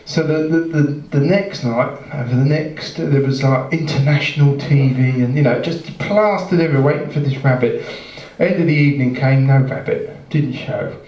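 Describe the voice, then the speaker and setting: A man telling a long, rambling joke on a jazz club stage, halting and self-mocking as he goes. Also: mid-range voice. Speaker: musician telling a joke between sets. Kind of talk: rambling live shaggy-dog joke. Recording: distant, roomy, dull live club recording.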